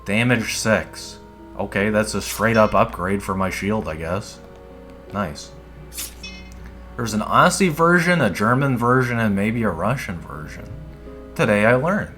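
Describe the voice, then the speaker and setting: Man, lowish voice, casual gameplay commentary, rambling, swears a lot, laid-back. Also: animated, a little slow, a bit bright, faint music behind. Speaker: streamer playing a dungeon game.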